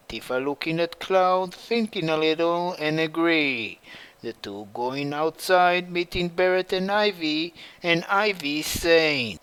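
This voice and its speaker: A man narrating a fan story in a slow, plain, halting delivery. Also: fairly high pitch, fairly bright tone, clear, resonant tone. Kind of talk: reading a fan story aloud.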